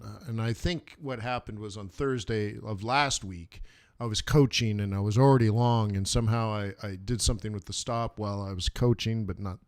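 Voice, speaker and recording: A man hosting a live forex trading stream, talking casually through his charts with jokes and lots of fillers. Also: on the low side. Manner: rambling, joking, many fillers.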